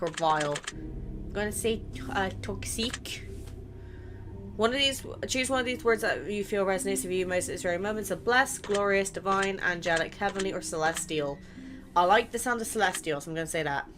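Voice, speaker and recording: A woman's voice: medium pitch, fairly bright tone, a little hiss or hum. A young woman gaming creator reading a game's questions aloud and answering them in a chatty, blunt way, swearing now and then. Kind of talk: casual let's play commentary, reading questions aloud.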